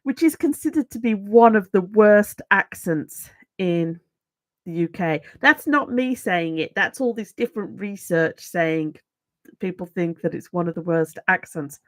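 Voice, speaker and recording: A woman's voice: mid-range voice, animated, a little slow, dry recording. Brummie lady chatting to her viewers, middle-aged, rambly and self-mocking, dead dry sound. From England. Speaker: YouTube host. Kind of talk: casual livestream chat.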